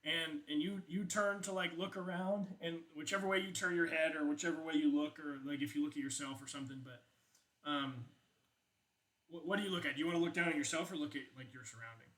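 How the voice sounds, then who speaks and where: A man's voice: on the high side, fairly quick, fairly bright tone. A man narrating as game master of a tabletop game, chatty, with many fillers and laughs.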